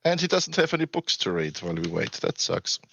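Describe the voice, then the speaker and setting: A man's voice: sits low, big pitch swings, fairly quick, creaky, fairly bright tone, slightly rough, no echo, highs cut off. A man playing a tabletop game, joking and bantering crudely with the table. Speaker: player.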